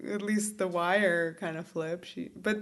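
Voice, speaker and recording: A woman's voice: fairly low pitch, steady tone, measured pace, a bit bright. Woman recapping a plot, laughing often. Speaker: podcast co-host. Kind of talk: casual chat.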